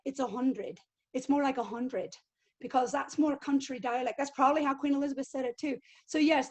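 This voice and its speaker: Animated high-voiced woman actress. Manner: animated, acts out quotes and accents. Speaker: actress and living history performer. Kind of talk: virtual Q&A interview answers.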